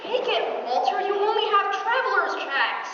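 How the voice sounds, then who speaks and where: A woman's voice: extremely high pitch, very animated, moderate pace. A woman playing an anxious, tearful middle-aged wife on stage. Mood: scolding. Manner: anxious, pleading theatrical delivery. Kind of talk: stage play performance. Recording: echoey hall, far-off mic, dull sound with faint noise.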